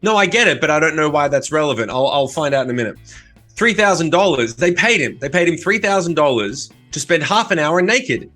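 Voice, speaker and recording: A man's voice: a little high, expressive, bright, forceful tone, faint music behind. Wry, bantering podcast co-host, a man. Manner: wry, reacting, quick banter. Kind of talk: casual podcast chat.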